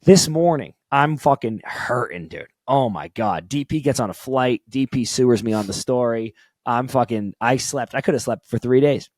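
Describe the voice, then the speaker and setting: A young man co-hosting a podcast, telling a story in casual, excited chat, swearing and laughing often. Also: medium pitch, normal speed, dry recording. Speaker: podcast co-host.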